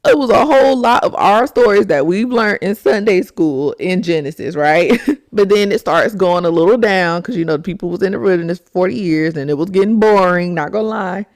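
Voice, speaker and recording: A young woman with a low, gravelly voice talks through a faith podcast episode. She tells her stories with emphasis and slips into acted-out quotes. The sound is close and dry, with no room around it. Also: a little fast, a little mellow, no room sound. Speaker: podcast host. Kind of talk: faith talk monologue.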